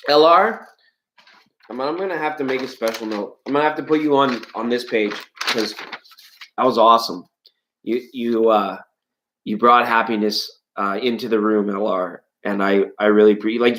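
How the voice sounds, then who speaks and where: Live tarot host, loose and playful, jokes while greeting chat, voice leaps high when worked up. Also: fairly bright tone, poor audio. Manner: rambling, playful and jokey; greets and answers viewers from chat. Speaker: tarot reader hosting a live stream. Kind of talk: live-stream chat with viewers.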